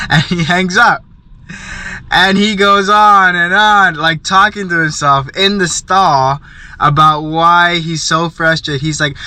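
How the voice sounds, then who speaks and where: A man's voice: high-pitched, steady tone, slow, sharp tone, clear, resonant tone. A young man telling a story in a casual, rambling vlog from inside his van, full of "like" and giggles. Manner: rambling, giggly, heavy filler "like". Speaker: vlogger.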